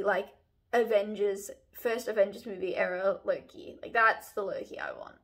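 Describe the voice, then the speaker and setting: A woman's voice: mid-range voice, moderate pace. A young woman chatting casually on her own channel about books she is reading, rambling with lots of fillers and restarts. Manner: relaxed, chatty. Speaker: book vlogger. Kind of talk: casual book review chat.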